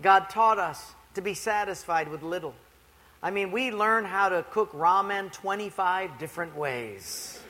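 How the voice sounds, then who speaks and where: A male pastor preaching a sermon in a church with lively, humorous storytelling. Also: high-pitched. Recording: reverberant church hall.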